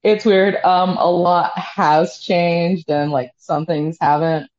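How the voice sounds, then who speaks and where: Low-voiced woman comedian on a call. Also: fairly even intonation, slow pace, a little mellow. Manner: storytelling, acts out quotes with lots of "like". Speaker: comedian guest. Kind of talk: casual interview over a call. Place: apartment above a bar. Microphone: headphones on a video call. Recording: dull lo-fi call audio.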